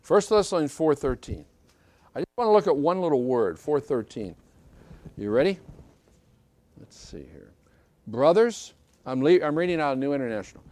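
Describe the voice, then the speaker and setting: A man's voice: fairly high pitch, expressive, normal speed, long pauses, a little mellow, dry recording. A man preaching a sermon in an emphatic way, repeating key phrases and often checking with listeners by asking "okay?". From British Isles.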